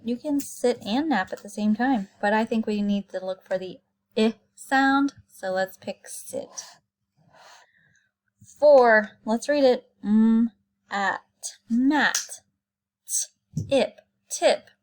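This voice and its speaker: A woman's voice: on the high side, slow pace. A woman teaching kindergarten phonics, patiently sounding out letters and words for young children.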